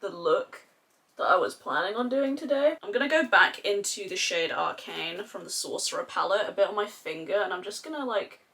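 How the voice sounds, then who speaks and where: A woman's voice: medium pitch, lively intonation, a little fast, bright, forceful tone. A young Australian woman chatting casually and animatedly through a makeup tutorial, with slangy, sweary asides. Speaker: beauty vlogger.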